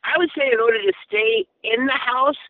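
A man's voice: a little fast, dry recording. A man playfully answering listener letters as a podcast co-host, in a theatrical manner. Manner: theatrical, sweeping pitch swings. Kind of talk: playful advice-column reading. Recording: dry, phone-like narrow sound.

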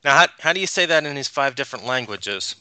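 A man's voice: mid-range voice, expressive, fast, pushed and bright, smooth, no room sound. A man co-hosting a casual wrestling podcast, laughing often. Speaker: podcast co-host.

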